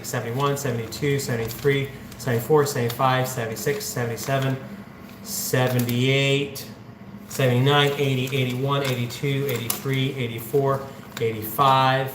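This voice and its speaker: A man's voice: medium pitch, level tone, normal speed, background noise. A man from central Ohio hosting a casual livestream, chatting and joking while he counts money aloud. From central Ohio, USA. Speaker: livestreaming channel host. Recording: echoey room with faint background ambience.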